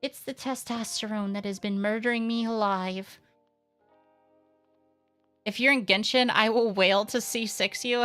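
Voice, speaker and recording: A woman's voice: mid-range voice, pushed and bright. A young woman streamer chatting casually with her live audience, candid and sarcastic, swearing freely and rambling with lots of fillers. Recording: faint music behind.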